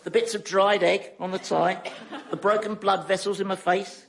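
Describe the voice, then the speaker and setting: A man's voice: high-pitched, fairly even intonation, normal speed, gravelly. A man who plays a blustering, bossy newspaper editor in a sitcom. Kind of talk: sitcom acting.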